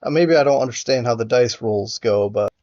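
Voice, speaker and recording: A man's voice: medium pitch, fairly quick, darkish tone, muffled recording. A man casually commentating a strategy game, hesitant and frustrated, with many fillers and restarts. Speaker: gameplay commentator.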